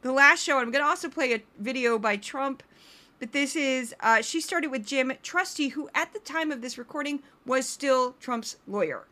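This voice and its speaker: A woman hosting a podcast of comedic political commentary, talking in a sarcastic, animated way. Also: high voice, moderate pace. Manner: sarcastic and animated, slips into voices. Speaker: podcast host.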